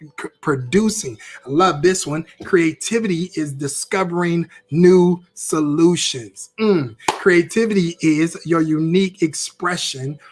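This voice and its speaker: A man's voice: fairly high pitch, measured pace. A man teaching a live-streamed interactive class on creativity, upbeat, repeating phrases as he reacts to viewer comments.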